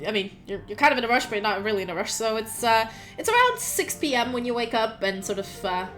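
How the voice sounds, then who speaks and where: A woman's voice: on the high side, expressive, fast talker, a bit bright, faint music behind. A woman narrating a tabletop game as game master, rambling with many ums and restarts.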